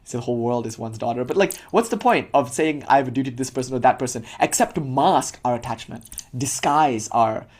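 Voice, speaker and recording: Fast-talking irreverent young male teacher. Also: mid-range voice. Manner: irreverent, casual and profane, animated quoting. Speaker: spiritual teacher. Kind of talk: informal lecture on spiritual history.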